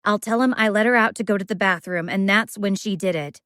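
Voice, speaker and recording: A woman's voice: mid-range voice, a little fast, fairly bright tone, no room sound, clean studio sound. A woman reading a first-person thriller audiobook as an anxious, brooding inner monologue. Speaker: audiobook narrator.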